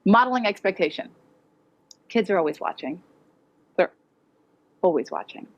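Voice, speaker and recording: Her medium-pitched voice is sing-song and moderately paced, though the recording is muffled. She's an educator presenting to parents at a conference, in a hall with an audience, speaking directly and practically and voicing quotes.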